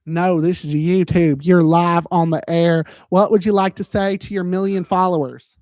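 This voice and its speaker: Male streamer, high voice, dry close sound, playful rambling chat. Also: fairly even intonation, moderate pace, a little mellow, dry recording. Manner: playful and rambling, jumping into silly bits. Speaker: livestream host. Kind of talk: casual livestream chat.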